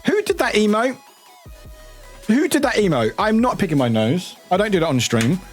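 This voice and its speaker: A man's voice: high voice, very animated, normal speed, faint music behind. A man streaming live, chatting casually and greeting viewers in a chaotic, giggly, self-mocking way, swearing casually.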